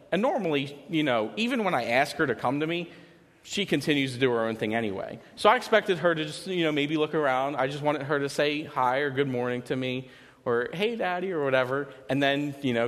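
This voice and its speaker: A man preaching a conversational sermon, telling a story informally with many "you know" fillers and restarts. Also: mid-range voice. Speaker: pastor. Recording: long reverb of a large hall.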